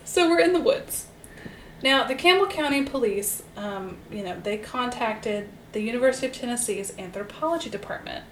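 Her voice a little high and expressive at a normal speed, a woman tells a case on the true-crime podcast she co-hosts. The storytelling is casual, upbeat, and chatty, with many fillers, heard through a roomy echo and faint hiss.

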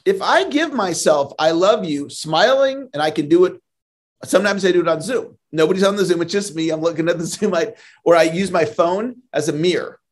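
Man, sales trainer on a podcast, upbeat and earnest, slightly high-pitched. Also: fairly quick. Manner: earnest, motivational, repeats words when starting. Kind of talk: podcast interview.

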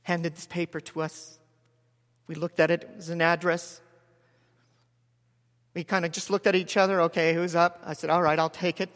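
A man in his forties preaching a sermon as a story, measured with dramatic pauses and soft drops. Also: a little high, flat delivery. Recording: long hall reverb.

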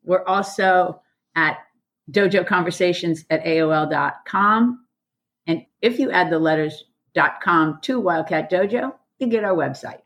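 A woman who teaches karate, hosting a casual group conversation on a podcast, enthusiastic and quick to laugh. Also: fairly low pitch, fairly bright tone. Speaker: karate instructor and podcast host.

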